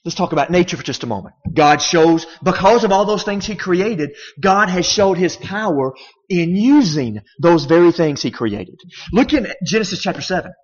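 This sermon comes from a male pastor whose slightly high, husky voice is expressive and moves at a moderate pace. He uses conversational emphasis and rhetorical questions to engage listeners, while a long sanctuary reverb follows every phrase over slightly dull sound.

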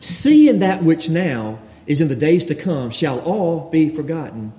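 Preacher guy, mellow voice, long echo from the church hall, kinda dull recording. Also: a little high, sing-song. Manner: earnest, rhetorical questions, slows and drops to near-whisper for emphasis. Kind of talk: sermon. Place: church sanctuary.

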